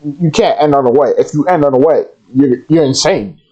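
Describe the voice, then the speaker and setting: A man's voice: on the high side, lively intonation, normal speed, warm tone. A man hosting a reaction video, talking emphatically and rambling as he weighs in. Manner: emphatic, rambling, says bro. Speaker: reaction channel host. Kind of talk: casual reaction commentary. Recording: dull lo-fi mic.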